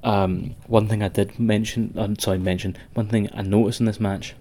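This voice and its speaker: A Scottish co-host of a wrestling podcast chats casually with a friend at normal speed, his lowish voice mellow and level in tone. He's sweary and rambling, and laughs a great deal.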